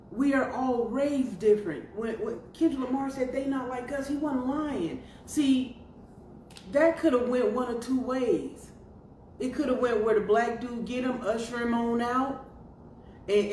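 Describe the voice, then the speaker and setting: A woman hosting her podcast solo, talking in a sassy, profane, animated way, with lots of asides to her listeners. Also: fairly high pitch. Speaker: podcast host. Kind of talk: casual commentary monologue. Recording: roomy, distant mic with faint noise.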